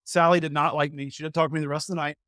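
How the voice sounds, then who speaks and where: A man's voice: on the high side, little pitch movement, very fast, a bit bright, no room sound, studio quality. A man in his thirties, a podcast guest and former college football player, telling an anecdote in a casual, playful, self-deprecating way.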